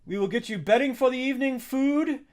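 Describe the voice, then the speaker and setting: A man voicing Adjunct, a polite and eager servant, in a raised fussy voice. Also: a little mellow. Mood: courteous. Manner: high, quick, courteous pleading.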